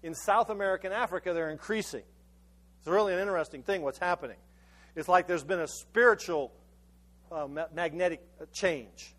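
A man with a high voice preaches to his congregation in a loose, conversational way. He tells his story in halting bursts, repeating and restarting words as he goes, and he gives his sermon with an easy storyteller's flow. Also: fairly bright tone. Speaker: pastor.

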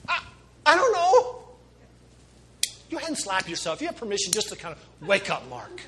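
A middle-aged man preaching a sermon as pastor, impassioned, with sudden shifts between soft asides and loud emphasis. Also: sits high, wildly swooping pitch, fast, background noise.

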